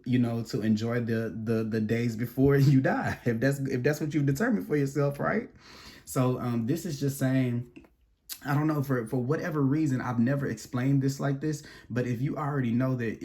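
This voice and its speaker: A man's voice: mid-range voice, a little mellow. A man giving a casual tarot reading, rambling and restarting his words as he talks straight to the viewer. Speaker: tarot reader.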